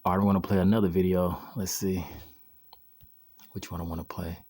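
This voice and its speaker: A man with a very low, mellow voice teaches a casual Bible lesson. He rambles and poses rhetorical questions to his listeners before answering them himself. His delivery is loose and unscripted. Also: level tone, brisk, slightly rough. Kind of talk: informal scripture lesson over video clips.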